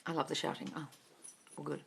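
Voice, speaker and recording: A woman in her forties answering viewers' questions on a phone livestream at home, blunt and exasperated, swearing and often shouting. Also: sits low, flat delivery, brisk, vocal fry, breathy edge. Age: 40s. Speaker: manifesting coach answering live questions.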